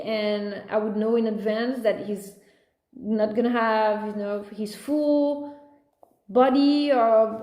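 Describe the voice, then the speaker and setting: A woman's voice: a little high, a little mellow. A woman talking casually about her life as a mother, rambling with restarts and acting out the voices of others. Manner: talkative, rambling with restarts, acts out her son's voice. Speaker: mother sharing personal views. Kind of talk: casual spoken monologue. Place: at home with a small dog. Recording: echoey room.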